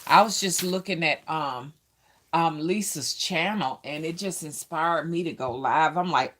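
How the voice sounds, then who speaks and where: A Southern US woman hosting a casual live stream, her voice sitting on the lower side. She talks at an unhurried pace, greets her viewers by name and often stops to fill a pause with "um". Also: expressive, fairly bright tone. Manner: chatty, greets viewers by name, frequent ums. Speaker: livestream host.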